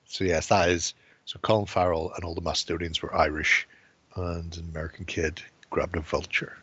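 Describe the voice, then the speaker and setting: A man's voice: low-pitched, little pitch movement, normal speed, fairly bright tone, husky, no room sound, dull audio. A man co-hosting a hobby live stream, rambling and swearing with frequent laughs in casual late-night chat.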